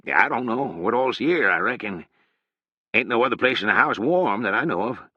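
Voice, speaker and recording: A man's voice: medium pitch, animated, normal speed, husky, no room sound. A man voicing a gloomy, fatalistic old ragpicker who talks in a drawling, mournful rural manner, for an audiobook. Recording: dull, dry sound.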